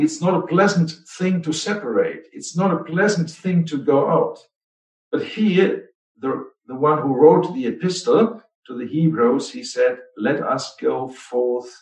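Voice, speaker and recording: Slow, deliberate preacher in an echoey hall. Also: male voice, fairly high pitch, darkish tone, distant mic. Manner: slow, deliberate, with emphatic repetitions. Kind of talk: sermon. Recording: echoey room, voice off-mic.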